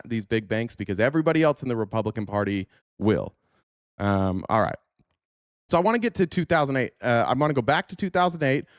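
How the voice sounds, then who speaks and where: A man's voice: medium pitch, no room sound. A man runs a political livestream in a dry, close-miked sound. He rants with heat and profanity and stumbles through restarts as he reacts to clips and chat. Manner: heated, profane, ranting with restarts. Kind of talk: casual livestream commentary.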